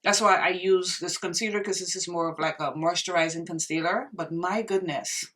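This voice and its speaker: A woman's voice: on the low side, normal speed, a bit bright, far from the mic. A young woman reviewing makeup in a casual vlog, gushing and exclaiming to her viewers as if they were friends. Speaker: beauty vlogger.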